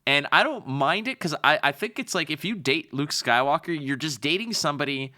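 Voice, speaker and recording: A man from Canada trades jokes as a podcast co-host, his voice bright and lively. The pitch moves a lot, and he keeps the banter playful and animated. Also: fairly quick. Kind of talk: casual chat.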